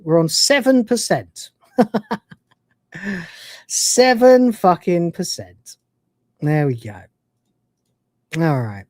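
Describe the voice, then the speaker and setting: A man's voice: fairly high pitch, sing-song, very slow, long pauses, a little mellow, no echo. Man ranting in a dry room. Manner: swearing, exasperated ranting. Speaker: host. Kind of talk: casual live-stream review chat.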